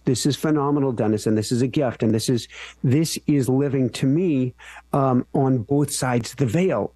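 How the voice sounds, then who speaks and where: A man's voice: mid-range voice, mellow, no echo. A man who is a guest on a radio talk show, speaking in an earnest, teacherly way. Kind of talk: radio interview.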